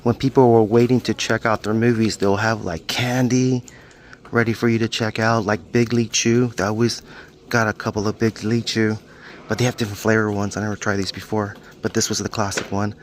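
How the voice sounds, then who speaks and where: A man's voice: lowish voice, level tone, a little fast. A middle-aged man, casually vlogging his way through a video rental store and joking about himself in the third person. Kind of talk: casual vlog walkthrough.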